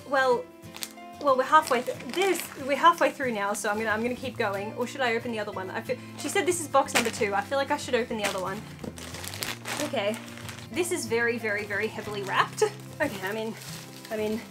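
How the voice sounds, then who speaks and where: Young woman, bright high voice, giddy unboxing vlogger, soft music under. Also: a little fast. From Australia. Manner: gushing, squealy excitement. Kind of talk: excited casual unboxing chat. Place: home room with a dog nearby.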